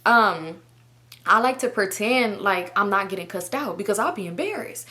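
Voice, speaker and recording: A woman's voice: medium pitch, lively intonation, brisk, pushed and bright. A woman in her twenties telling a storytime, casual and laughing, with plenty of swearing. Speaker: YouTuber. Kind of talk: storytime vlog.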